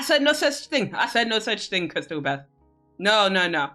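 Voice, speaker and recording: A woman's voice: mid-range voice, big pitch swings, normal speed, bright, forceful tone. A young adult woman chatting casually on a live stream, laughing often and swearing freely. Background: faint music.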